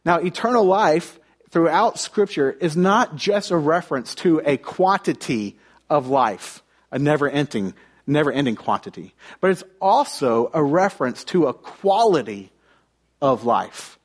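A man's voice: fairly high pitch, animated, unhurried. A young man from the United States preaching a conversational sermon, telling stories and often restarting his phrases.

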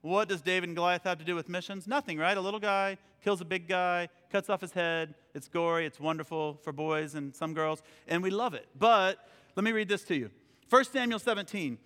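A man preaching a sermon, telling a scripture story in an animated way and acting out the characters. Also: sits high, brisk. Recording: long hall reverb.

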